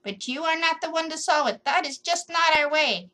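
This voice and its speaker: A woman voices a stubborn old female tree, using a scratchy voice pitched above her own. The delivery is high, bright and forceful with lively intonation at a moderate pace, and the mood is stern.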